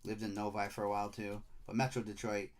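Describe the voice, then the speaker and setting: A man's voice: lowish voice, little pitch movement, quick pace. A middle-aged man from Michigan with a Michigan accent, hosting a live card-break stream in upbeat, chatty patter, rattling off player names. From Michigan, USA.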